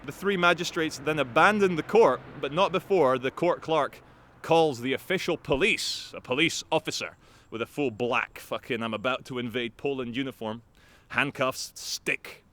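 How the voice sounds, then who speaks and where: Bright-voiced man ranting outdoors. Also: mid-range voice, normal speed. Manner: animated, profane, rambling. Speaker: activist vlogger. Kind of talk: ranting storytelling to camera.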